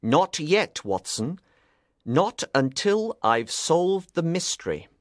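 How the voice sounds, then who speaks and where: Sherlock Holmes, read by a man, slow and animated. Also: fairly high pitch, dry recording, studio quality. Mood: grim. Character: sharp, determined male detective, adult. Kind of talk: audiobook reading.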